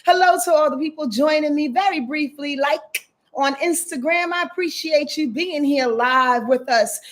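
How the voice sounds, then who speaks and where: An astrologer and channel host from Yonkers, New York, this woman has a high voice and talks at a moderate pace in a casual live-stream chat. She's lively and slangy, greeting viewers by name, repeating her catchphrases and laughing often.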